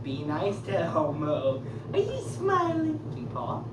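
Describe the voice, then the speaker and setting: A woman's voice: lowish voice, wildly swooping pitch, measured pace. A woman coaxing and teasing her pet dog in a casual home video. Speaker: dog owner. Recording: roomy, distant, noisy home video.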